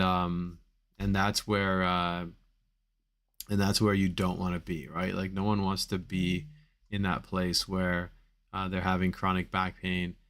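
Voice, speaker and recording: A man's voice: low voice, a bit bright. A man coaching on back pain in a live Q&A stream, talking casually with many fillers and repeated phrases for emphasis.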